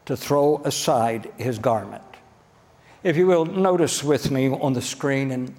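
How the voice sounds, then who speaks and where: With a mid-range, somewhat mellow voice, a man delivers a sermon in a church sanctuary with long reverb. He's a folksy, straight-talking pastor who keeps checking in with the congregation.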